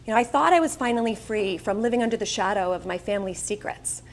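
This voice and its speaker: A woman's voice: medium pitch, expressive, fast talker, a little hiss or hum. Candid Long Island woman telling her story. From Long Island, New York. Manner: candid and self-mocking, with wry asides. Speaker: guest speaker at a charity breakfast. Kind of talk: personal storytelling speech. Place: event room, speaking to an audience.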